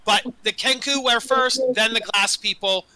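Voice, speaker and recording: A man running a tabletop game as dungeon master, narrating in a rambling way, full of fillers and quick self-corrections. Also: very high-pitched, steady tone, sharp tone, low-quality recording.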